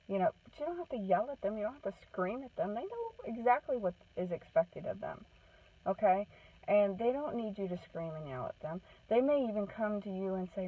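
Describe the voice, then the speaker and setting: An earnest woman talks parents through discipline and rewards, stopping to ask if they follow. Her voice is mid-pitched and sits back from the mic. It comes through a narrow, tinny phone-like line. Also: animated, moderate pace, far from the mic. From Maine. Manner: earnest, repeats "okay?" to check in with listeners. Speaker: parenting advocate. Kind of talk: casual parenting advice talk.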